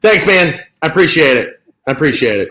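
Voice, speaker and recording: A man in his late thirties from North Carolina, a guest musician chatting casually on a video call, friendly and quick to laugh. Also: a little high, very animated, crowd noise, low-quality recording. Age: 30s. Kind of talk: casual interview chat.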